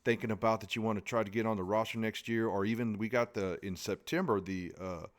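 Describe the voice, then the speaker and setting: A man's voice: on the low side, steady tone, fast talker. Male podcast host, drawl, folksy, joking, casual interview chat. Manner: joking, folksy, lots of restarts.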